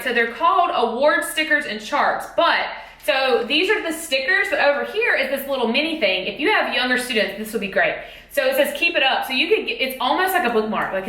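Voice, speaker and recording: A woman's voice: high-pitched, bright, forceful tone. A woman teacher chatting in a bubbly, exclamatory way about a haul of school supplies. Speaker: teacher vlogger. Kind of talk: casual haul vlog. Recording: echoey room.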